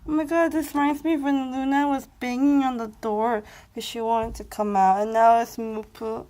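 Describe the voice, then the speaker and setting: A young woman vlogging at home on a handheld phone, chatting to her baby in a playful voice that jumps to high squeals, sounding dizzy and unwell. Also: level tone, moderate pace, dark tone. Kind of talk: casual home vlog talking to her baby. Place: home room indoors. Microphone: handheld phone camera.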